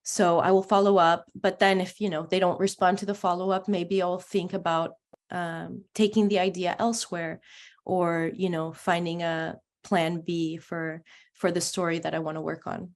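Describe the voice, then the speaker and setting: A woman's voice: on the low side, level tone, normal speed. A woman journalist being interviewed, talking through her answers with many fillers and restarts. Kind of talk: conversational interview talk.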